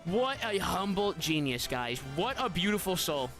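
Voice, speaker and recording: Excitable high-voiced young man streamer. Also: moderate pace, soft background music. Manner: excitable, repeats "guys" constantly, yells at surprises. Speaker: streamer hosting a game tournament. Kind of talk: live game stream talk to chat.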